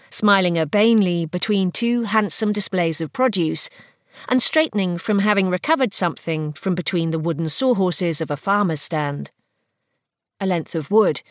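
Female audiobook narrator, mid-pitched, steady and measured, dry booth sound. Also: no room sound. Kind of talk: scripted fiction narration.

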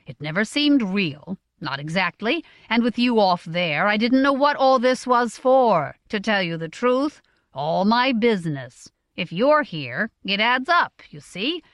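Brief: woman reading a gruff, blunt merchant father in a storybook, lively pitch, dry close sound. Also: dry recording. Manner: blunt, brisk questions. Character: prosperous middle-aged merchant father, gruff.

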